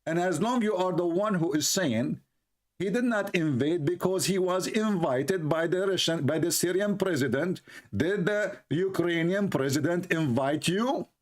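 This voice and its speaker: A man's voice: high-pitched, unhurried. Sarcastic man hammering rhetorical questions. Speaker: livestream host. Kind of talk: mocking commentary on a played clip.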